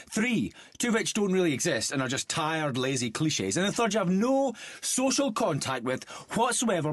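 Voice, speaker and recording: Ranting husky man. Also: a little high, no echo. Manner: exasperated, ranting, shouting in outrage. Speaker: sketch performer and announcer. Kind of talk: radio comedy sketch acting.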